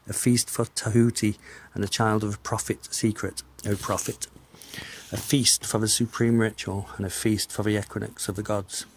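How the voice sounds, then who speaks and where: A man giving a measured, declamatory reading of an old religious text. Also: fairly low pitch, a little mellow. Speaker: reader.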